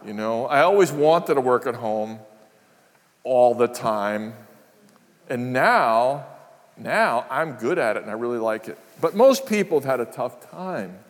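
A man's voice: mid-range voice, lively intonation, measured pace. An older man preaching a sermon, earnest and reflective, often repeating his phrases. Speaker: pastor. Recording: long hall reverb.

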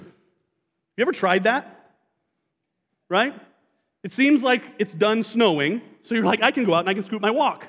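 Sounding like he's in a big room, this pastor delivers his sermon in a high voice, chatting with his listeners and asking them questions.

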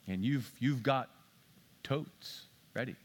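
It's a slow sermon from a man serving as pastor, relaxed in tone, full of jokes at his own expense. He moves back and forth between booming emphasis and soft, low-key passages.

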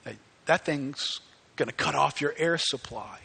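A middle-aged pastor delivers a lively sermon in a bright, ringing voice that sits a little high for a man. He drops to near whispers, then builds to loud, fervent peaks. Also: unhurried, gravelly, slightly rough. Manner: animated preaching, swinging from hushed to near-shouting.

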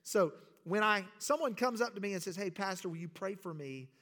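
A man preaching a sermon as pastor, emphatic, with sudden drops to quiet asides. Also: high-pitched, animated, brisk. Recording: reverberant hall.

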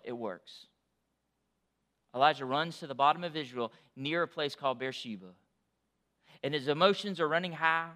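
A pastor preaching a sermon in a conversational way that swells to loud, emphatic peaks. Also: male voice, fairly high pitch.

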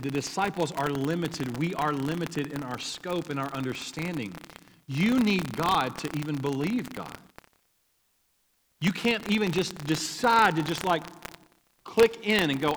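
A pastor giving a conversational sermon, with casual asides and little laughs between points. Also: male voice, fairly high pitch, fairly bright tone, big-room sound, slight background noise, rough recording.

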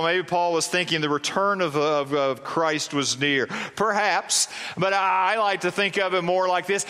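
Bright-voiced pastor preaching in a reverberant hall. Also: male voice. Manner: conversational preaching, rhetorical questions, soft low drops at line ends. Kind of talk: sermon.

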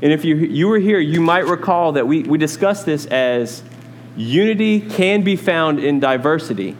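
Man, pastor, conversational sermon, slightly high voice, faint hum behind. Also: animated, moderate pace. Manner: teaching Bible study, conversational asides to congregation.

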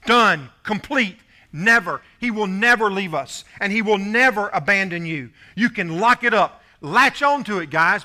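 A male pastor preaching a sermon, driving points home with punchy repeated phrases and dropping to quiet asides to the congregation. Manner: emphatic preaching with rising, punchy repetitions; drops to a soft, low voice for asides to the congregation.

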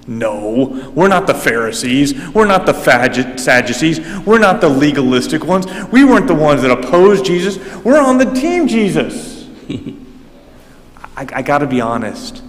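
A man preaching a sermon in a church, animated and emphatic, with frequent restarts, speaking into a microphone. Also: mid-range voice, moderate pace, long reverb tail, a little hiss or hum. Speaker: pastor. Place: church sanctuary. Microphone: handheld or stand microphone.

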